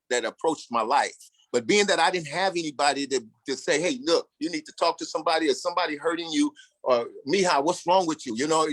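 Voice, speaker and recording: A man's voice: fairly high pitch, fairly bright tone, dry recording. A man in his sixties, once incarcerated, telling his life story in an earnest, candid way. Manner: earnest and candid, acts out other people's lines in the story. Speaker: formerly incarcerated speaker. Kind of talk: personal storytelling talk.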